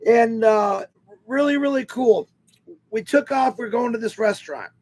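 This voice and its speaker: Man, unusually high husky voice, animated webinar storyteller. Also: measured pace. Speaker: webinar speaker. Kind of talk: personal storytelling to an online audience.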